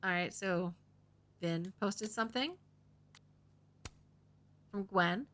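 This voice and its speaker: A woman's voice: mid-range voice, slow, a bit bright. A young woman streaming a game, giving casual, chatty commentary with jokey asides.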